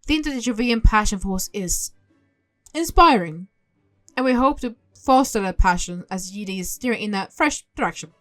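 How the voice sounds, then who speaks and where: A woman's voice: medium pitch, lively intonation, normal speed, a bit bright, faint music behind, natural voice. A woman voicing a haughty, scheming villainess in a horse-riding game, reading the dialogue aloud in close to her own voice. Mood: falsely polite.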